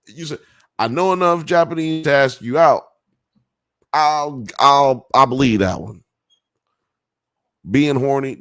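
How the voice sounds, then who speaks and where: A man's voice: medium pitch, dry recording, clean studio sound. A man hosting a live podcast, reading chat comments aloud in a rambling, profane way and laughing often. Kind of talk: casual live-stream chat.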